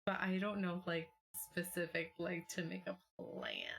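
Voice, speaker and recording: A young woman streaming from home, chatting casually with her viewers in a rambling, filler-heavy way with excitable bursts. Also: fairly low pitch, a little slow, gravelly, breathy edge, soft background music.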